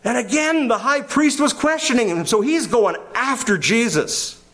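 An older man preaching a verse-by-verse sermon, animated, his voice climbing sharply when he quotes. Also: very high-pitched, normal speed.

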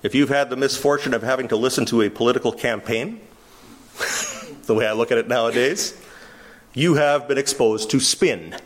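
A man preaching an expository sermon, animated and wry, with sarcastic asides and quotes acted out. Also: medium pitch, moderate pace. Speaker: pastor.

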